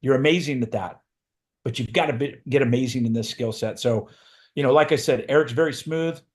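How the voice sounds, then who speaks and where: A man's voice: medium pitch, a little fast, darkish tone. A man giving a motivational training talk as a recruiting coach, speaking emphatically and driving home his points by repeating phrases. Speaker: real estate recruiting coach.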